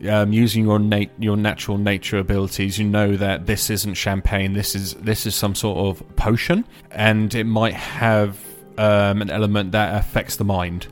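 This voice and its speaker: A man narrating as game master of a tabletop game, playful and giggly, with quick voiced asides. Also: fairly low pitch, level tone, faint music behind.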